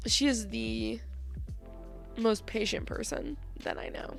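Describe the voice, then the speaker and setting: A young woman with a deeply gravelly, fry-heavy voice speaks a heartfelt tribute to her best friend. She is teary and laughs through her words, swearing casually. Soft music plays faintly behind her. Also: steady tone, slow, pauses often. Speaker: co-host.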